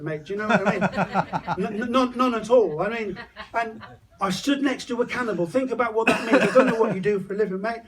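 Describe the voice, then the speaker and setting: A man doing a crude, swearing stand-up comedy set outdoors on a hot tub, telling a story with mock-paranoid asides. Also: very high-pitched. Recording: distant mic, loud crowd around. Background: crowd laughing.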